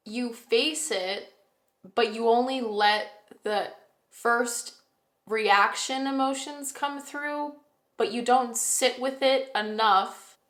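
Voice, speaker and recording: A woman with a bright, sharp voice talks through a tarot reading in a loose, chatty way, hedging and correcting herself as she goes. She sounds like she is in an echoey room at home. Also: on the high side. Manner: chatty, rambling, self-correcting, with fillers. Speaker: tarot reader. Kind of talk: casual spoken tarot reading to camera. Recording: roomy echo.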